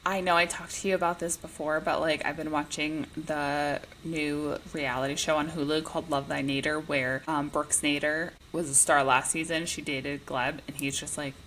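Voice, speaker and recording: A woman's voice: low-pitched, level tone, normal speed, few pauses, fairly bright tone, a little hiss or hum, poor audio. A woman co-hosting a podcast, chatting casually and steering the topics. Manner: chatty, leads the segments. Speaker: podcast co-host. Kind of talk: casual chat.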